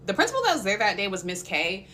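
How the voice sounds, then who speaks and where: A young woman from Oklahoma rattles off a storytime at breakneck speed. Her voice is bright and forceful, chatty and animated, with frequent laughs. Her pitch sits mid-range for a woman. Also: fast, slight background noise. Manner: animated, chatty, laughs often, many fillers. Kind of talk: casual storytime.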